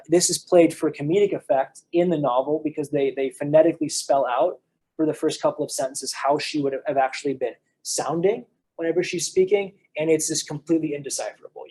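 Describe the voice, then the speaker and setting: A man's voice: on the high side, a little mellow, breathy edge, rough recording. A young American man giving a casual church class lecture, talking conversationally with frequent restarts and fillers. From United States.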